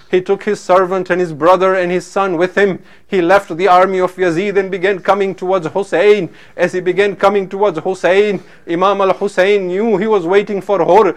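High, smooth-voiced male preacher. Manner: solemn retelling with Arabic phrases. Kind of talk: sermon storytelling.

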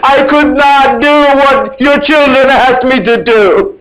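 A man's voice: very high-pitched, takes it slowly, a bit bright, echoey room, pitched above the performer's own voice, exaggerated voice, rough recording. A man preaching in the voice of a fallen male warrior who speaks in a pained, apologetic way. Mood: remorseful.

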